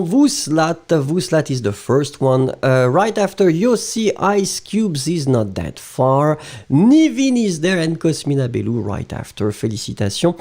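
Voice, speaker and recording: A man with a French accent leads a live language lesson, his speech slow and lively in pitch. He drills verbs with encouragement and mixes French into his English. His tone is soft and mellow. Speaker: French teacher.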